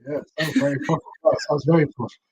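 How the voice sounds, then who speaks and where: A man's voice: a little high, fairly quick, husky, low-quality recording. Man hosting a live interview. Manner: relaxed, reading out viewer comments. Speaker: host.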